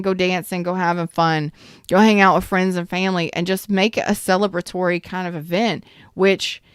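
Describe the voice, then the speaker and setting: Smooth-voiced, blunt woman reading tarot. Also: medium pitch, no echo, studio quality. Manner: chatty and blunt, talks straight to viewers, swears casually. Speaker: tarot reader. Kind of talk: casual tarot reading to viewers.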